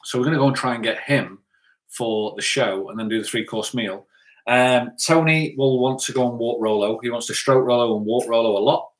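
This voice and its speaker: A man's voice: mid-range voice, brisk. A man co-hosting a casual live stream, chatting in a jokey way and reading out viewer comments, often stumbling over words.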